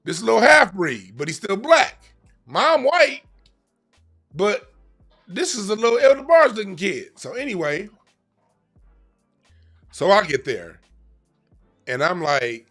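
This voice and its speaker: A man telling a story in a casual, profane, animated way about crisis work. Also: high-pitched, unhurried, pauses often, faint music behind.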